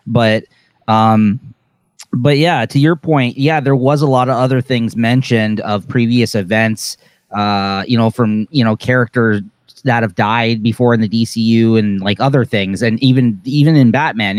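Rambling low-voiced man co-hosting. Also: no room sound. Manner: rambling, lots of fillers, circles back. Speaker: podcast co-host. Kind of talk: casual chat.

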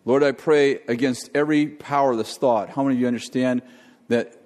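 A man preaching a sermon and leading prayer, animated, often acting out quoted voices. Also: medium pitch, fairly quick. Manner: animated, acts out quoted voices, jokes about accents. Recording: long hall reverb.

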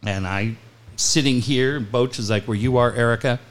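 A sports radio host tells a long, profane story in casual chat, animated throughout, landing swearing punchlines and laughing through the quotes. His voice is medium-pitched at a normal speed.

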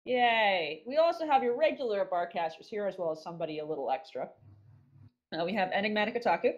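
A woman's voice: mid-range voice, animated, quick pace, lo-fi sound. A woman hosting a casual podcast, crude and self-mocking, swearing freely. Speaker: podcast host.

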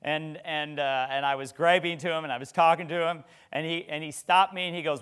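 Middle-aged guy preaching, chatty, lots of restarts and questions, smooth clear voice. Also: fairly high pitch, steady tone, fairly quick, fairly bright tone. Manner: conversational, repeats words and restarts, rhetorical questions. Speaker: pastor. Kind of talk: sermon.

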